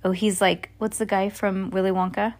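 A woman's voice: medium pitch, flat delivery, normal speed. A woman reads a children's novel aloud at an easy pace. She breaks off for chatty asides and restarts words freely. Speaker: reader. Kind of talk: casual reading of a novel aloud.

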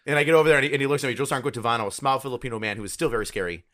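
A man who is a podcast guest, telling army stories fast and animatedly and jumping up loud when he gets excited. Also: mid-range voice, dry recording, studio quality. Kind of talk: casual chat.

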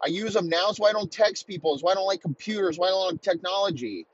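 A man's voice: sits high, fast, dry recording, dull audio. A man doing a grumpy old football coach. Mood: exasperated. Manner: gruff, exasperated grumbling. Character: grumpy older male football coach, tech-hating.

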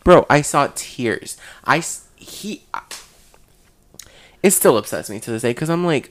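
A young man telling a story in casual chat with friends, animated and swearing, talking in fast bursts. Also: on the high side.

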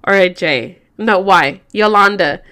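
A woman's voice: medium pitch, measured pace, smooth. A woman hosting a podcast, telling a story in a rambling, profane, casual way full of fillers. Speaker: podcast host.

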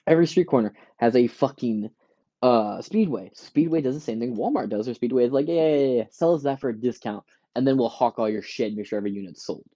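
A podcast host, ranting casually and profanely, acting out quick voices for companies and shoppers. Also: male voice, medium pitch, warm tone, highs cut off. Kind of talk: casual rant.

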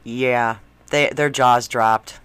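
A woman co-hosting a radio show, teasing her partner and quick to laugh. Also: a bass voice, steady tone, a bit bright, clear, resonant tone, no echo. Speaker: radio co-host. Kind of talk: casual radio banter.

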